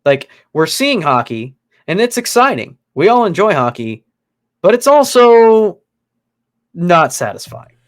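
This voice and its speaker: Lively-voiced male podcast host. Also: sits high, unhurried. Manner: lively, steers the topics, joking. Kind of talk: casual chat.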